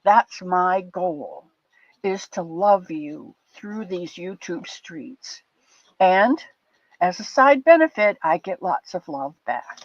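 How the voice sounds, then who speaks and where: Here an older woman, a bit teary, speaks slowly and expressively in a lowish voice as she hosts a livestream for viewers in the live chat. Her talk is chatty and affectionate, rambling along with frequent restarts, and the stream audio sounds dry, dull, and lo-fi.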